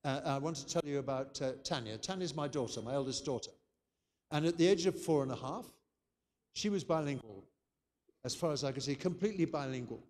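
A man's voice: mid-range voice, animated, fairly quick, darkish tone, slight background noise. Chatty older man lecturing in a hall. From England. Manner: chatty, anecdotal, rambling. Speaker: keynote speaker. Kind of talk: conference lecture.

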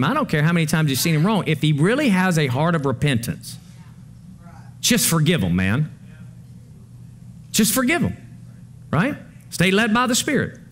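A male pastor preaching a conversational sermon to his congregation, moving between hushed low passages and rising, urgent ones.

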